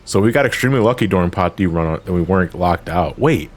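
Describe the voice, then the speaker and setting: A man's voice: deep voice, animated, quick pace. A man chatting casually while streaming a game, rambling with restarts and fillers and swearing freely. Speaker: streamer playing an online game. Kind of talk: casual gaming chat.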